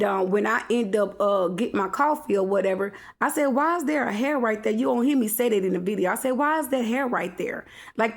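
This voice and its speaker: Defiant woman venting to camera, gravelly. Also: mid-range voice. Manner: defiant, repetitive, swearing. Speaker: vlogger.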